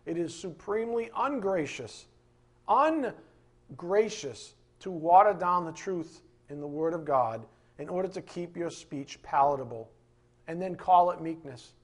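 A man's voice: fairly high pitch, animated, measured pace. A man preaching a sermon in an emphatic style, firing off rhetorical questions.

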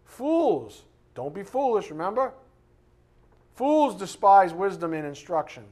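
A man preaching an informal sermon, blunt and animated, swinging between loud bursts and quiet asides and slowing down to read scripture with emphasis. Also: sits high. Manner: reads scripture slowly with emphasis.

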